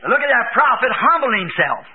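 A man preaching a fervent revival sermon, his voice pitched very high. He bursts into shouts when quoting scripture. The recording is thin and tinny, like an old lo-fi tape. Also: sing-song, normal speed. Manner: fervent, hollering quotes with sudden shouts. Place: church service.

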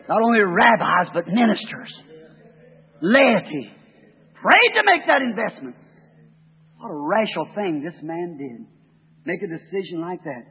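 A man preaches a fervent, emphatic sermon in a high, husky voice. The sound is a thin, phone-like old tape, with the long reverb of a large hall behind him. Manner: fervent, rising to emphatic peaks.

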